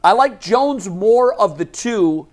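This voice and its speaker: Guy on a sports show, a bit high voiced, fired up about baseball, keeps tripping over his first words. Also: slow. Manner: animated, opinionated, stammers on restarts. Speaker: sports radio co-host. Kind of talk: casual sports talk.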